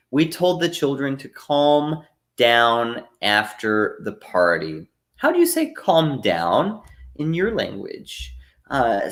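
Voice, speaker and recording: A man's voice: fairly low pitch, a bit bright. A man teaching a live online lesson, patiently explaining phrasal verbs and reading out chat comments, with frequent "uh" fillers. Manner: reads out and answers chat comments.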